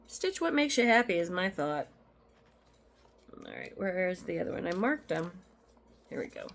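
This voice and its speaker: In a relaxed show-and-tell from her apartment, a woman presents her cross-stitch finds in a lowish voice, drifting into asides and saying "um" often. There's a slight hiss or hum in the recording.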